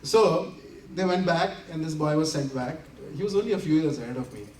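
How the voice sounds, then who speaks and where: A man's voice: a little high, a little fast, slight background noise. A man giving a talk to an audience at a community center, telling anecdotes and laughing often as he acts out the quotes. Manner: animated, laughing often while acting out quotes. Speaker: invited speaker. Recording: roomy hall from a distance, faint ambience.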